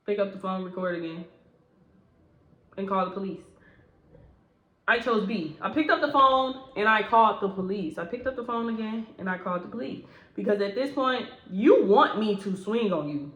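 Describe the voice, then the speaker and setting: A woman casually telling a workplace story in a slangy, animated way, acting out what people said with sudden jumps in pitch and volume. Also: echoey room, low-quality recording. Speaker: storyteller recounting a workplace incident.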